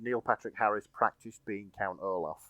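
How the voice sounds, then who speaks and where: A man's voice: on the low side, normal speed, a bit bright, dry recording. A Yorkshire man chats casually as a podcast co-host, cracking crude jokes and bantering with friends. His voice sits close to the mic with a dry, dead sound. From Yorkshire, England. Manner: swears freely, jokey banter. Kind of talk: casual chat.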